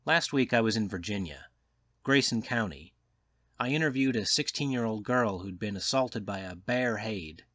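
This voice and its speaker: A man's voice: fairly low pitch, animated, moderate pace, a bit bright, dry recording. A man voicing a worldly, cynical male journalist who lectures in a knowing, slightly raised voice, in an audiobook reading. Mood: amused storytelling. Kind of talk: audiobook character voice.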